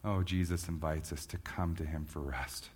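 A man preaching a sermon as a pastor, moving from quiet reflection to loud, fervent emphasis. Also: extremely low pitch, steady tone, normal speed, slightly rough.

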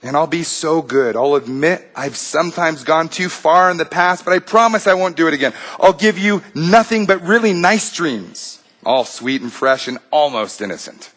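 A man's voice: on the high side, lively intonation, normal speed, hardly any pauses, a bit bright, pitched above the performer's own voice. A man doing a wheedling little lizard tempter. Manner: coaxing, pleading, whispery. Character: small red male lizard, a wheedling whispering tempter.

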